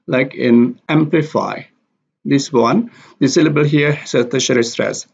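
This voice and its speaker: A man teaching English pronunciation, explaining stress and repeating example words slowly and deliberately. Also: medium pitch, vocal fry, darkish tone, slightly rough. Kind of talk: slow explanatory lesson with spoken examples. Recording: dull lo-fi recording.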